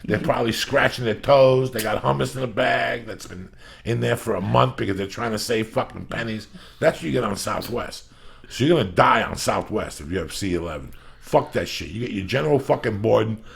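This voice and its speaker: A man hosting a podcast, ranting loudly and profanely in comedic style. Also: mid-range voice, gravelly. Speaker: podcast host.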